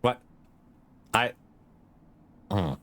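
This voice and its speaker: A man's voice: drawn-out words, a bit bright. A man, casually rambling and laughing while streaming a game. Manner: giggly, rambling, self-deprecating.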